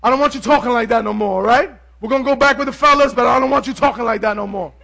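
Man putting on a low streetwise tough guy, blunt, protective, hushed, confiding. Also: racing, creaky, exaggerated voice. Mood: insistent.

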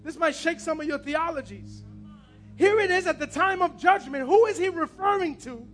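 A man's voice: very high voice, normal speed, fairly bright tone, soft background music. A man preaching a passionate sermon as pastor, repeating his key phrases.

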